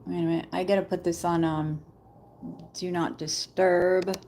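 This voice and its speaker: A woman's voice: on the low side, little pitch movement, normal speed, noisy background. A woman giving a casual live tarot reading, chatting directly to viewers and calling them Queen. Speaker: tarot reader.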